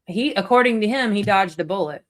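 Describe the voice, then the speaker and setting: A woman's voice: medium pitch, animated, brisk. A middle-aged woman hosting a casual chat, talking bluntly and emphatically with frequent swearing. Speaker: podcast host.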